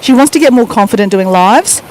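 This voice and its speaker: A woman's voice: a little high, animated, a little fast, darkish tone. A woman with an Australian accent chatting casually to a live-stream audience as she walks along a beach. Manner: chatty, talking while walking on a beach. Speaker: vlogger. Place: beach at high tide, outdoors. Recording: noisy outdoor phone audio. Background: wind and surf.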